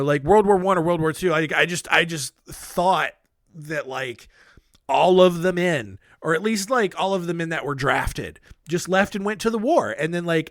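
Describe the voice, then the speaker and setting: A man's voice: a little high, dry recording, clean studio sound. A man hosting a podcast, telling history stories in a casual, rambling way with joking asides and lots of fillers. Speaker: podcast host. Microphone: studio microphone.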